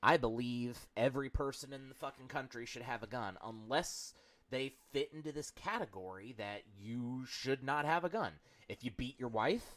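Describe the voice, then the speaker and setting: A man's voice: medium pitch, normal speed, a bit bright, no echo. A man co-hosting a podcast, talking in a blunt, emphatic way with plenty of swearing. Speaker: podcast co-host. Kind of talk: casual chat.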